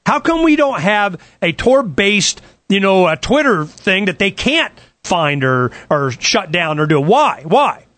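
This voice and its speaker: A man telling a long story in an excited, sarcastic rant, acting out what others said to him. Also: sits high, measured pace, no room sound. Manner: excited, sarcastic, quotes others in retold dialogue. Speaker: political campaigner.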